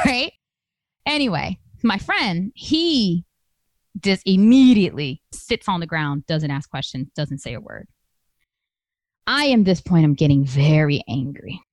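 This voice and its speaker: Animated woman telling a personal story. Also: on the low side, no echo. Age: adult with a master's degree. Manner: animated, acts out the people she quotes; conversational and emphatic.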